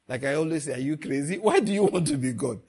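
A middle-aged male preacher giving a sermon, swinging between hushed emphasis and loud bursts, laughing often. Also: a little high, animated, fast, creaky, slightly rough.

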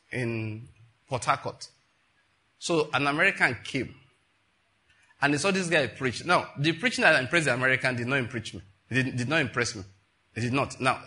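Pastor guy preaching, chatty, laughs a lot, bright forceful voice. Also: mid-range voice. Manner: conversational, laughing asides, rhetorical questions. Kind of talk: sermon.

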